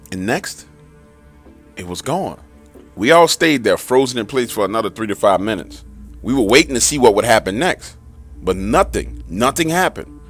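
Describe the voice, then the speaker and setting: A man in scripted horror narration, dramatic, with pauses and sudden emphasis. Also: on the low side, very animated, fairly bright tone, husky. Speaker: storyteller. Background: faint background music.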